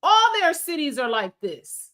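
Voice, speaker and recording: A woman's voice: high voice, sing-song, a little slow, pushed and bright. A woman streamer giving heated, scolding political commentary in an emphatic rant. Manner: angry, scolding, emphatic rants.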